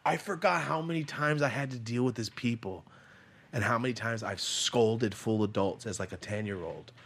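Husky-voiced man in his thirties, swearing. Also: mid-range voice, moderate pace, a bit bright. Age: 30s. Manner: profane, blunt, emotional storytelling. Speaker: podcast host. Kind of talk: casual storytelling chat.

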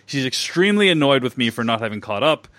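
A man's voice: mid-range voice, very animated, fast talker, a bit bright, no room sound. A man hosting a casual film podcast, thanking donors and reading listener messages aloud. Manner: reads listener messages aloud, laughing easily. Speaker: podcast host.

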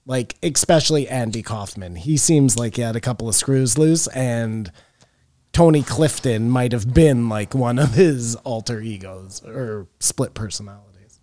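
A man's voice: medium pitch, unhurried, mellow, dry recording. Rambling profane podcast co-host man. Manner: rambling, profane, jumps in animatedly. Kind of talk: casual chat.

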